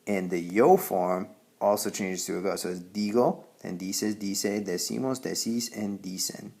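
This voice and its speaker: A man's voice: lowish voice, fairly even intonation, unhurried, vocal fry, darkish tone, breathy edge. A man teaching a Spanish grammar lesson, patient and explaining step by step, often checking in with "okay?".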